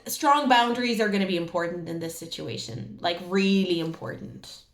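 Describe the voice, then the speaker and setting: A woman's voice: fairly low pitch, normal speed, echoey room. A woman giving a casual tarot reading to camera, chatty and emphatic, with many fillers. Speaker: tarot reader.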